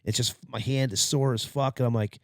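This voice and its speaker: A podcast co-host tells a story in casual conversation, profane and animated, acting out what people said. He speaks briskly at a medium pitch, in clean studio sound without echo.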